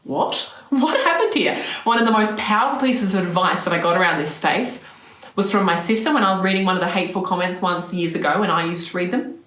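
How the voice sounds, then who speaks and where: A woman with a lowish voice gives encouraging advice to other business owners. She repeats her key phrases and keeps checking in with her listeners. The room around her rings with a noticeable echo. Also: quick pace, a bit bright. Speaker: business coach. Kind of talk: direct-to-camera advice talk.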